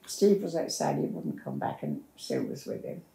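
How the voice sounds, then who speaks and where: A woman's voice: low-pitched, wildly swooping pitch, normal speed, vocal fry, mellow. An older woman, telling her life story in a plain-spoken, rambling way as an interviewee. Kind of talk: personal storytelling. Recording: roomy echo.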